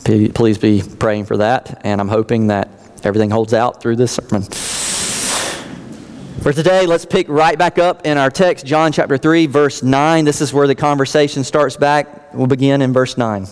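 A man's voice: mid-range voice, steady tone, normal speed, a little mellow, clear, resonant tone. A man in his thirties, a pastor preaching an earnest sermon and reading scripture aloud. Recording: long reverb of a large hall.

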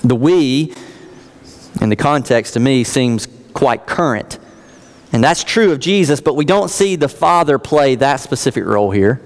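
A man in his thirties, a pastor preaching an earnest sermon and reading scripture aloud. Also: medium pitch. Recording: long reverb of a large hall.

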